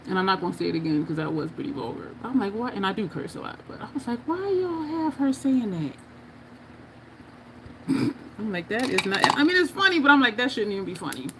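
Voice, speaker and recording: A woman's voice: medium pitch, big pitch swings, brisk, noisy background. A woman hosting a casual makeup livestream, chatting, laughing often and reading viewer comments aloud. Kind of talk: casual livestream chat while doing makeup.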